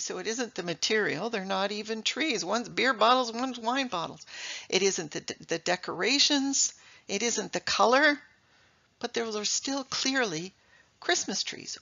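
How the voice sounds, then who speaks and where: Middle-aged woman presenter, emphatic, quizzing the audience, bright tone, slightly muffled recording. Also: fairly high pitch, creaky. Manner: lively, emphatic, rhetorical questions. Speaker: speaker giving a talk on English.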